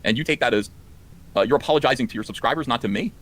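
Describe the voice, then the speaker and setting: A man's voice: medium pitch, rapid-fire, fairly bright tone. A man reacting to clips on a live stream, exasperated and ranting, his voice climbing when indignant. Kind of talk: heated live stream commentary.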